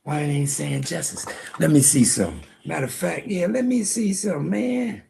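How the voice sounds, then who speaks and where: A man's voice: on the high side, animated, moderate pace, vocal fry, dark tone, slight background noise. A man hosting a casual video, questioning a phone app in a skeptical, rhetorical way and talking back to it. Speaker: video host. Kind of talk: casual commentary while quizzing a phone app.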